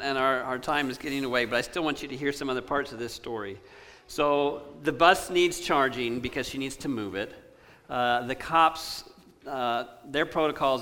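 A man's voice: mid-range voice, bright, forceful tone. A man hosting an interview, recapping the story and prompting his guest with casual fillers. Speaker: host. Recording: long hall reverb.

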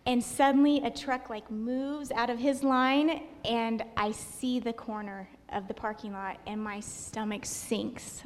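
A woman guest telling a personal story in an animated way, acting out what people said. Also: a little high, measured pace, hardly any pauses. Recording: long hall reverb.

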